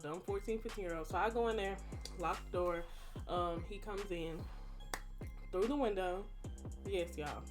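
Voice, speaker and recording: Chatty young woman telling a story. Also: on the low side. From Texas. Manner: chatty, dramatic, addresses viewers as y'all. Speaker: vlogger. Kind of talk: casual storytime.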